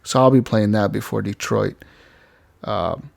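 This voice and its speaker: A man's voice: lowish voice, measured pace, vocal fry, no room sound. A man co-hosting a gaming podcast, telling a long story with lots of fillers, laughs and acted-out lines. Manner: rambling, laughing, acts out game lines. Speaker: podcast co-host. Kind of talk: casual gaming chat.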